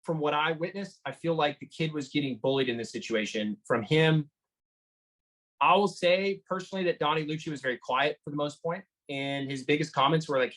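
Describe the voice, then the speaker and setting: A man giving an interview, retelling a tense encounter in an animated way, with lots of fillers and restarts. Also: a little high, brisk, low-quality recording. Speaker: motorcycle engine builder guest. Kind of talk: storytelling interview.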